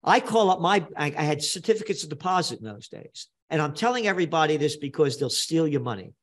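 A man's voice: a little high, expressive, quick pace. Blunt older New man. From New York. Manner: emphatic, blunt, repeats phrases for effect. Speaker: guest. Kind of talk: animated storytelling interview talk.

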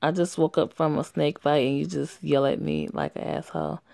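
A woman's voice: low voice, fairly even intonation, normal speed, gravelly, darkish tone, no echo, studio quality. A woman voicing a brash, foul-mouthed teenage tomboy who talks back defensively. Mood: indignant. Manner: crude, swearing, defensive.

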